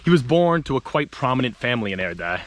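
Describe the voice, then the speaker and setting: A man vlogging outdoors on a hike, telling a history tale in an animated, excitable way with casual swearing. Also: medium pitch, fast talker, slight background noise. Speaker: travel vlogger and history storyteller. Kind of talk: casual storytelling vlog while hiking.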